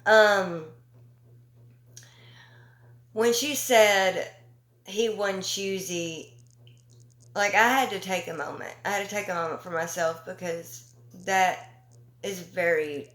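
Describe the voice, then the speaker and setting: A woman giving casual opinion commentary, talking slowly and emphatically with an indignant edge and many ums and pauses. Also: fairly low pitch, fairly bright tone, roomy sound. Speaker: commentary YouTuber.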